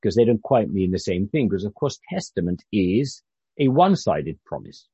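A low, slightly husky man from Britain leads a relaxed Bible study group. He talks in a loose, halting way, often restarting his sentences. The recording is dry and a little muffled. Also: dry recording. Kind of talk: informal Bible teaching.

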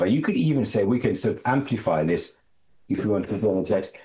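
A man leading a Bible study, explaining a passage in a halting way, often repeating words and lifting his voice on quotations. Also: expressive, mellow. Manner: halting, repeats words, stresses phrases with rising pitch. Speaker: Bible teacher.

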